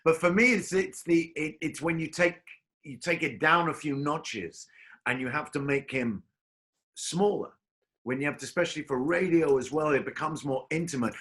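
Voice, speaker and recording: Guy hosting a video call chat, flowery theatrical way of talking, slightly high voice. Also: normal speed, a bit bright. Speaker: host. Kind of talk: casual interview on a video call. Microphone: video call microphone.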